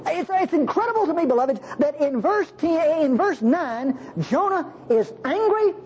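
A woman preaching a sermon in an animated, conversational way, asking the congregation questions. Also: high-pitched, moderate pace, a little hiss or hum, low-quality recording.

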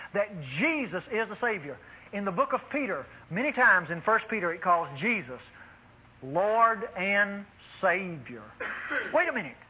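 A high-pitched, bright-toned man preaching a sermon with animated exclamations, calling his listeners beloved. His voice is a little husky, and the sound is dull and lo-fi like an old radio broadcast.

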